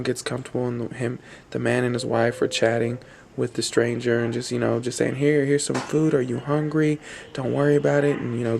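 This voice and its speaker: Gravelly man telling a rambling story. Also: medium pitch, darkish tone, a little hiss or hum. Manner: rambling, repetitive, voices quoted characters. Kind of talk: spoken campfire-style storytelling.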